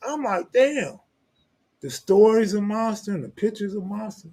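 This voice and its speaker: Husky-voiced joking Los man. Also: sits high, fairly even intonation, a little fast, dark tone. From Los Angeles, California. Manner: blunt, profane, joking street talk. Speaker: host. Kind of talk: live stream, reading viewer comments.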